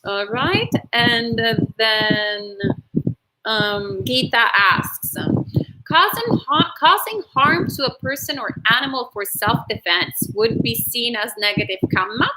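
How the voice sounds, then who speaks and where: Lively high-voiced woman nun. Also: slow pace, very noisy. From Italy. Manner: animated, laughs often, playful. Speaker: Buddhist nun answering questions. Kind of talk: live Q&A dharma talk.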